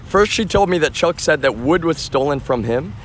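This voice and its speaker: A man with a slightly high, fairly bright, expressive voice live streams from his front yard at a moderate pace, with slight background noise. Agitated and rambling, he swears heavily and addresses his viewers as "y'all."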